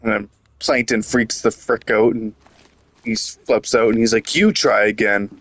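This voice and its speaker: A man's voice: mid-range voice, little pitch movement, moderate pace, creaky, fairly bright tone, no echo. A man giving casual commentary while playing a video game, frustrated, rambling and swearing. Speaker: gaming YouTuber.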